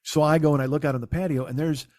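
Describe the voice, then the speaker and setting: A man's voice: a little high, steady tone, racing, darkish tone. A man, a comedian and podcast host, telling a long casual story and quoting people with "I go, he goes" and frequent restarts. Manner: rambling, conversational, quotes others with "I go, he goes".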